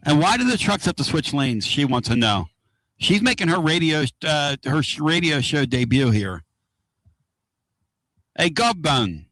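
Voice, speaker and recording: A man hosting a casual radio talk show from inside a moving car, excitable and rambling. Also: a little high, moderate pace, no echo. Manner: excitable, rambling and loud-mouthed.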